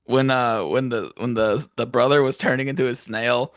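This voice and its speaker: Creaky-voiced young man on a podcast. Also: medium pitch, normal speed, no room sound, clean studio sound. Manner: animated, laughing, acts out characters in exaggerated voices, swears. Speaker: podcast co-host. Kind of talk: casual chat.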